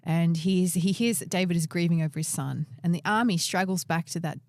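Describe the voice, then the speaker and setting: A woman's voice: lowish voice, brisk, dry recording, clean studio sound. A woman co-hosting a podcast, casually retelling a Bible story and asking her co-host questions.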